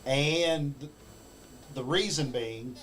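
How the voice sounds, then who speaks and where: A man's voice: medium pitch, drawn-out words, a bit bright, slight background noise. A man from the United States speaking in casual chat, emphatic and a bit boastful.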